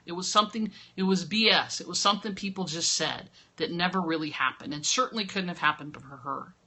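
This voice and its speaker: Bright-voiced woman giving a pep talk. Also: low voice. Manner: emphatic, keeps asking "right?". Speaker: marketing coach. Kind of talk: motivational talk to camera. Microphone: camera at her computer.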